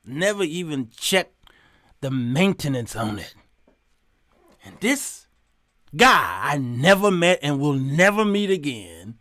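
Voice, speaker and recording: A middle-aged man hosting his show, telling stories in a preachy, animated sermon style and quoting God in a stern voice. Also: fairly high pitch, no echo, studio quality. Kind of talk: sermon-like storytelling monologue.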